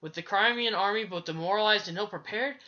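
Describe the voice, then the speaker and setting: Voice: mid-range voice, fast talker, sharp tone, dull audio, lightly acted. A player reading a cold cynical tactician.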